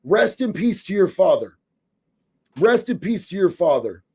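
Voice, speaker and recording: High-voiced fiery male livestreamer. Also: very animated, unhurried, vocal fry, mellow, breathy edge. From Oregon. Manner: fiery, profane, emphatic. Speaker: livestreamer reading viewer comments. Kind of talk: impassioned live-stream commentary.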